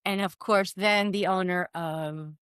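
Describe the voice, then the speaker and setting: A woman in her sixties telling lively stories in a casual podcast interview, acting out the voices of people she quotes. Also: lowish voice, measured pace, smooth, dry recording, studio quality. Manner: animated storyteller, acts out quoted voices, laughs often. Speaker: guest, former team soigneur.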